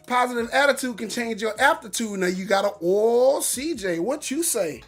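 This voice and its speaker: A man's voice: very high-pitched, animated, moderate pace, few pauses, a bit bright, soft background music. A man hosting a casual morning livestream, hyped and upbeat, reading out viewer comments with loose, repetitive catchphrases. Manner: hyped, upbeat encouraging talk. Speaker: livestream host.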